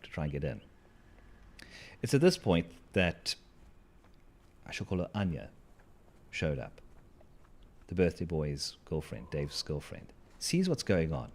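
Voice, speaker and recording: A man's voice: sits low, darkish tone, breathy edge. A man telling a wry, rambling story to his stream, with asides to the listeners. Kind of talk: casual storytelling while gaming.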